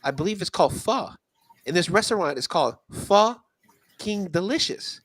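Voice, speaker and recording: A man's voice: high-pitched, lively intonation, normal speed, a bit bright, no room sound. A man voicing a smug, self-styled reformed food reviewer who talks in a mock-formal, self-satisfied way.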